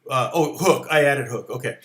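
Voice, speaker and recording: A man's voice: medium pitch, moderate pace, echoey room. A man giving a casual songwriting lesson, rambling with restarts and fillers, now and then half-singing lyric lines to show a point. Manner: sings lyric snippets softly to demonstrate. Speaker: guitar teacher.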